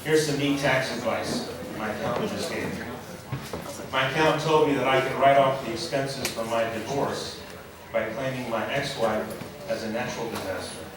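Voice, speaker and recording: A man's voice: mid-range voice, normal speed, a crowd in the background. A man in his forties doing a stand-up set, wry and dry, chatting with the audience. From Nigeria. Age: 40s. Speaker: stand-up comedian. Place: comedy club stage. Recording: echoey club room from far off.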